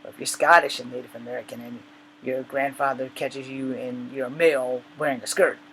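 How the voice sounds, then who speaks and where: A man vlogging in a rambling, joking monologue, with sudden loud bursts between quieter asides. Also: mid-range voice, steady tone, brisk, a little hiss or hum, low-quality recording. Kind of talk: casual monologue.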